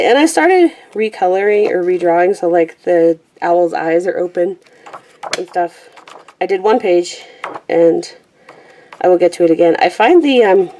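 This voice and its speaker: A woman's voice: on the low side, dark tone. A young woman chatting casually through her collection, slightly out of breath, often correcting herself and laughing. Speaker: vlogger. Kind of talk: casual rambling chat.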